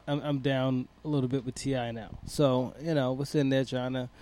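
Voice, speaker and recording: A middle-aged man with a mid-pitched voice, trading jokes on a podcast. He chuckles often and drags out his punchlines. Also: level tone, fairly quick, warm tone, slight background noise. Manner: joking banter, chuckling, drawling on punchlines. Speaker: podcast co-host. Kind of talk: casual chat.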